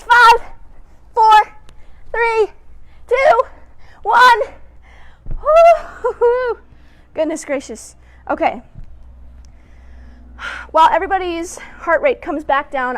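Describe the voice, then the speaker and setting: A woman hosting a children's story time, leading movement exercises in a playful, encouraging way and humming little sound effects. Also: high-pitched. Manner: playful, encouraging, talks straight to young kids; hums little sound effects and laughs between cues.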